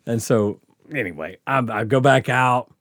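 A middle-aged podcast host tells a rowdy, profane story casually, laughing as he goes. His mid-range voice is a bit bright and moves at a moderate pace, captured dry with studio quality.

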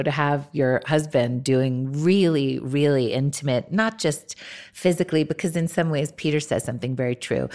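A woman's voice: deep voice, darkish tone. A woman film director as a guest in an interview, talking candidly and casually with frequent laughs and fillers.

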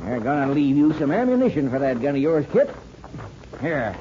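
An actor playing a sly, smooth-talking outlaw with a folksy western drawl, in a 1950s radio drama. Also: male voice, a little high, big pitch swings, normal speed, slight background noise. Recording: dull lo-fi old radio broadcast.

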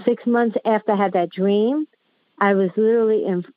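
A woman's voice: medium pitch, steady tone, moderate pace, no room sound. A woman calling in to a radio show, talking in a rambling, hesitant way with many fillers and restarts. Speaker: caller. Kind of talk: phone-in conversation. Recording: tinny phone line.

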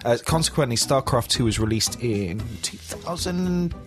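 A man's voice: medium pitch, expressive, moderate pace, over music. A man hosting a casual chat, hesitant and chatty, laughing easily.

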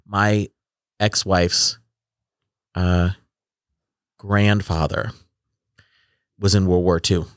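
The speaker is a podcast host, a man in his forties with a low voice, captured at studio quality without echo. He chats casually and thoughtfully, often trailing off before starting over.

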